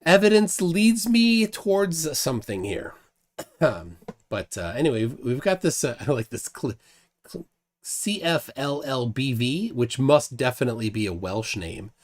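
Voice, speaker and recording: A man's voice: medium pitch, sing-song. A man hosting a casual livestream, reading viewer comments aloud, often stammering and repeating words. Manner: halting, stammering repeats, chuckles between thoughts. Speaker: livestream host.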